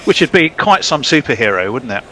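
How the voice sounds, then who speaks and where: A man's voice: medium pitch, sing-song, brisk, sharp tone. A man doing ball-by-ball cricket commentary in a playful, joking way, often laughing. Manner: playful, laughing, jokey banter.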